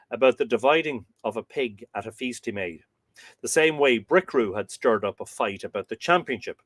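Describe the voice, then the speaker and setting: A man hosting a live podcast, reading old myths aloud and breaking off into chatty, halting asides. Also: medium pitch, no echo, clean studio sound.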